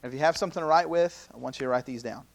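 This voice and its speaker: A campus minister in his thirties giving a conversational teaching talk at a youth seminar, full of rhetorical questions and quick acted-out quotes. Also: mid-range voice, creaky. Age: 30s. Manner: acts out quoted speakers in lively asides.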